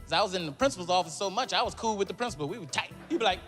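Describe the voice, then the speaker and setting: A man's voice: expressive, rapid-fire, fairly bright tone, faint music behind. A middle-aged man from Georgia, telling comic stories on a talk show and acting out other people's voices. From Georgia, United States. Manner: acts out others in high squeaky voices, laughing. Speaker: comedian, talk show guest. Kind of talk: animated storytelling. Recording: noisy talk show audio.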